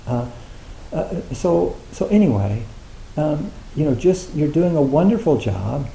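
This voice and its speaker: A man's voice: fairly high pitch, very animated, a little slow, vocal fry, dark tone, slight background noise. A man giving an informal Zen talk to retreat students, rambling with many fillers and restarts. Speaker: Zen teacher. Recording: echoey room.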